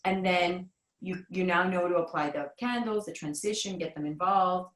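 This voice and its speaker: A woman parenting coach on a call, explaining tasks step by step in a calm, encouraging way. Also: on the low side, normal speed, echoey room, low-quality recording. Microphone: video or phone call.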